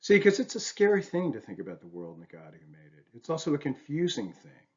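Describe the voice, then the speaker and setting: A man's voice: medium pitch, wildly swooping pitch, quick pace, a little mellow, highs cut off. A man giving a recorded university lecture on poetry, talking it through with many rhetorical questions and "right?" checks. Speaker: literature lecturer.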